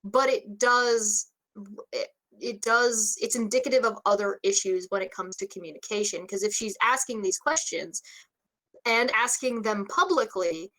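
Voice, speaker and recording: A woman in a casual livestream chat, calmly explaining her side point by point. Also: medium pitch, normal speed, poor audio.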